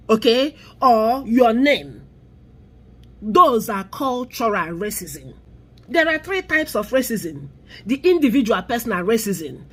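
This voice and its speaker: A Nigerian woman in middle age delivers fervent social commentary straight to camera. Her voice is a little husky and her pitch moves in wide swings. She drags out the words she wants to land, pressing each point home. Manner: emphatic, drawn-out stresses on key words. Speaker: vlogger.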